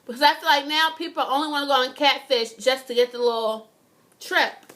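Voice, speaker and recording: High, bright-voiced young woman ranting. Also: fairly quick. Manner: animated, indignant, swears freely. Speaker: vlogger. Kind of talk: casual TV review rant.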